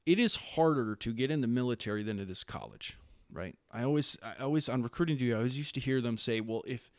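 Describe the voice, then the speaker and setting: A man's voice: mid-range voice, fast talker, no room sound, clean studio sound. A man in his late thirties from Wisconsin, a Marine staff sergeant who is the guest in a casual interview, telling stories with many restarts and acting out the lines people said to him. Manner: animated storyteller who acts out quoted lines, with frequent restarts.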